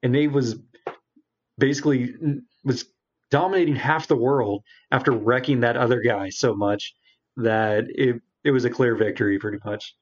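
A man's voice: medium pitch, steady tone, normal speed. A man co-hosting a casual gaming podcast, telling a long game story in a rambling way. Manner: rambling storyteller, acts out game characters in quotes. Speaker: podcast co-host. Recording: dull lo-fi sound.

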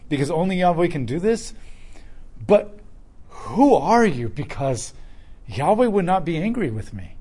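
A man preaching a sermon in an earnest, emphatic, conversational way, with a husky voice. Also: on the high side, a little mellow.

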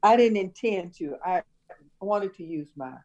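Older woman with a lively, mellow voice. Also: lowish voice, measured pace, muffled recording. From Chicago area. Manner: warm reminiscing, teacherly, laughs easily. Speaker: interviewee, mother of the host. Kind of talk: casual family interview.

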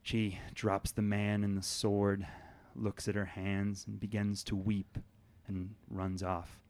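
Low-voiced man narrating a tabletop game. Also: flat delivery, takes it slowly, a little mellow. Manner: descriptive, storytelling. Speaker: game master.

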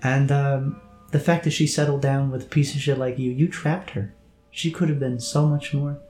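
A man voicing a soft-spoken, coldly vengeful man who talks sweetly and quietly, recorded in a roomy space. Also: medium pitch, flat delivery, moderate pace, soft background music, natural voice. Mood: quietly menacing. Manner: quiet, sweet-voiced, menacing. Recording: roomy echo.

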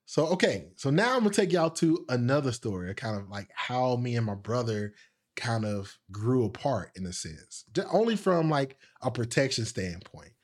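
Casually storytelling on his podcast, a young man speaks at a normal speed in a sing-song voice. The tale rambles and is full of fillers; he laughs at himself and raises his pitch when acting out quoted voices.

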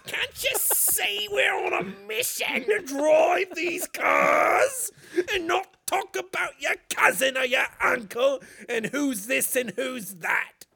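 A cocky, cheeky British kid blusters and rants in a fake British accent, put on by a man. The voice sits high and squeaky with a gravelly rasp. It leaps wildly up and down in pitch, hollering at everything in an improvised podcast comedy bit. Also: very animated, slow pace, exaggerated voice. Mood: ranting. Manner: shouty, bloody-this and oi, ranting. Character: cheeky young British boy, brash and cocky.

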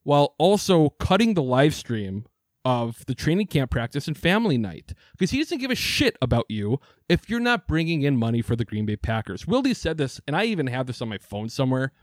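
A man on a casual sports podcast, worked up and swearing freely as he rants. His pitch swings widely from line to line. The sound is dry and close, with no room echo. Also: sing-song, brisk. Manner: heated, profane ranting. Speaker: podcast co-host.

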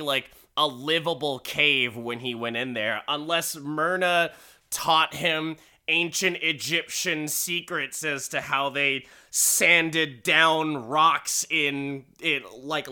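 A man casually recaps a story in a slow, unhurried way, swearing freely and laughing as he goes. His voice is bright and clear with a fairly high pitch for a man.

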